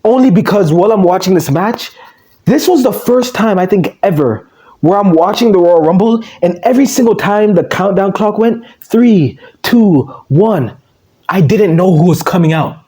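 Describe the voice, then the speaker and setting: High, lively man ranting bluntly. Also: normal speed. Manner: blunt, profane, exasperated. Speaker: wrestling vlogger. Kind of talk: casual ranting commentary.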